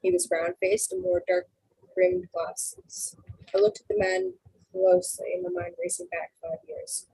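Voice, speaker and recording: A woman with a lowish, mellow voice reads a first-person novel aloud casually, in a flat, measured delivery with vocal fry and a breathy edge. She slips over words now and then and corrects herself, and the audio is poor.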